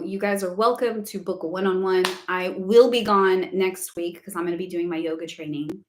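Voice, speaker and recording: A woman's voice: mid-range voice, roomy sound. Chatty woman hosting a live stream. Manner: chatty, says "like" often, laughs easily. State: voice going hoarse from talking for hours. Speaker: host of a spiritual live Q&A. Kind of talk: casual live-stream chat.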